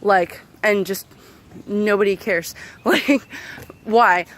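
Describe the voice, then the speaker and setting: A woman's voice: medium pitch, slow pace, fairly bright tone. A young woman ranting heatedly to camera as a vlogger, profane and sarcastic, with many fillers. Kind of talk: angry unscripted rant to camera.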